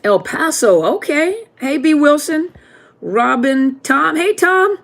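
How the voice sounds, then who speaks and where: A woman's voice: high voice, expressive, slow pace, vocal fry. Chatty woman greeting live-stream viewers. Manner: warm, chatty, greets viewers one by one by name.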